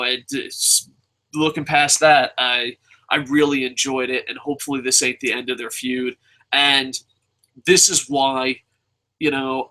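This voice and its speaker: A man's voice: medium pitch, pushed and bright, poor audio. A man hosting a solo podcast, giving heated, profane opinions and repeating phrases for emphasis. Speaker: podcast host reviewing wrestling.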